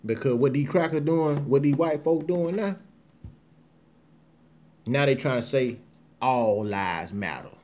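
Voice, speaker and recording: A man's voice: fairly high pitch, unhurried, pauses often, darkish tone, a little hiss or hum. A man hosting his show, delivering an emotional, impassioned monologue in a preachy, repetitive way. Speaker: host.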